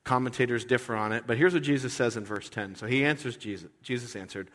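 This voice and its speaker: A man's voice: mid-range voice, fast, few pauses, a bit bright. Earnest male preacher in a reverberant hall. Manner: conversational and earnest, with frequent restarts. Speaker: pastor. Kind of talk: sermon.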